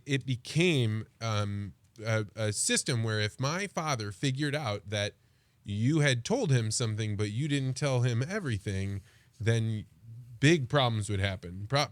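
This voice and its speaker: A male podcast host of medium pitch who talks slowly and thoughtfully, often stopping to restart a sentence. His voice is recorded dry and close, with no room echo. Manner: reflective, halting, with frequent restarts. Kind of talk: casual interview chat.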